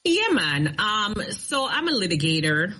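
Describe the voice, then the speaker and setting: A woman's voice: mid-range voice, a little slow, low-quality recording. A middle-aged woman, an attorney telling her story in a casual interview and building up emphasis as she goes. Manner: storytelling, animated retelling with rising emphasis. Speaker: attorney, guest.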